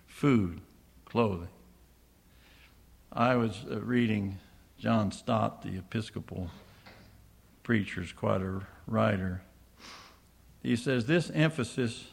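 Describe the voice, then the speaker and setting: A man's voice: mid-range voice, creaky. An older man preaching a sermon, reading scripture aloud and asking his listeners questions he then answers himself. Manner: emphatic, asks the congregation rhetorical questions.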